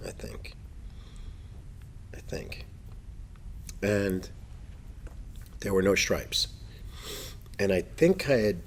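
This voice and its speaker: Ein Mann mittleren Alters mit eher tiefer Stimme plaudert lebhaft und derb, erzählt Geschichten und lacht immer wieder. Hinter ihm liegt ein leises Rauschen. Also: male voice, on the low side, a little hiss or hum. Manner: animated, profane storyteller who laughs often. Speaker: podcast host. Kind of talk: casual chat.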